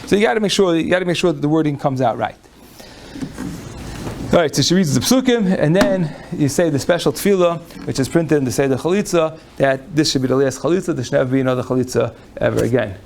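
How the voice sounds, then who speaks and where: A man's voice: a little high, fast talker, vocal fry, darkish tone, a little hiss or hum. A man lecturing on Jewish law to a live audience, folksy and conversational, often restarting his phrases. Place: lecture room before an audience.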